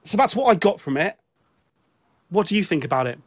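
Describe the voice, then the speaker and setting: A British man with a bright, high-pitched voice that swings up and down as he talks. He co-hosts a casual album-review chat over a remote call. He rambles in a self-mocking way and keeps restarting his sentences with "right". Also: sing-song, brisk. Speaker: podcast co-host.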